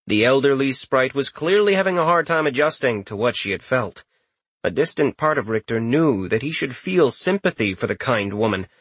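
A man reading a fantasy audiobook as narrator, in an expressive style. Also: mid-range voice, breathy edge, dry recording.

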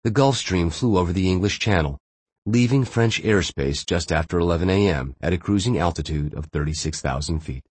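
A man narrating a thriller audiobook in a steady, measured way. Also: low voice, husky, no room sound.

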